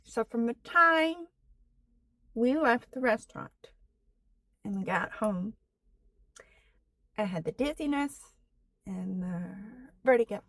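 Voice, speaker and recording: Woman, 40s, personal vlog talk; slow, halting delivery, fairly high voice, dry close sound. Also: expressive, fairly bright tone, dry recording. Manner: slow, halting, with many fillers and restarts; earnest, candid, emotional. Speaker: vlogger.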